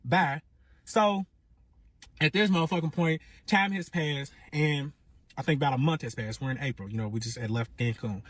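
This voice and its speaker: A man with telling a personal story in a casual, animated and profane way. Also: on the high side, moderate pace, no room sound.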